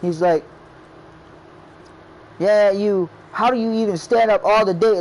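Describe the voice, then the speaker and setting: Unhurried and high-pitched, with a slightly mellow tone, a man casually rambles through the story of making his game. He repeatedly quotes his friends' reactions with "I was like," and the recording is low-quality.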